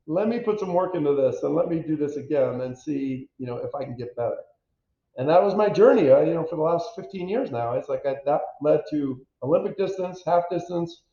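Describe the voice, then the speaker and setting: A former pro football player from the United States, a man in his fifties with a slightly high voice, tells stories as a guest in a candid interview. He's animated and self-deprecating, acting out quotes, and the audio is echoey, dull and lo-fi.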